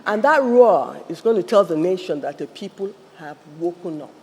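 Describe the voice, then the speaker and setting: A man's voice: sits high, expressive, normal speed, darkish tone. A man with a Nigerian English accent giving a fiery motivational address at a conference, firing questions at the audience. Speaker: conference speaker. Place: large event hall. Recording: long hall reverb, faint ambience.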